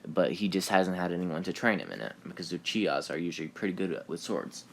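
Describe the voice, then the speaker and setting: A man voicing an overpowered, cocky teenage boy ninja in a casually retold fan story, speaking in a calm, matter-of-fact way. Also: sits low, a little fast, gravelly, slight background noise. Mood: cool.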